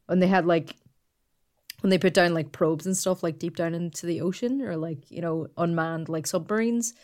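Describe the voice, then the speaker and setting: A woman co-host with a somewhat low voice, chatting casually. She rambles and packs her sentences with "like" fillers. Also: fairly even intonation, normal speed, darkish tone. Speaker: podcast co-host. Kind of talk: casual chat.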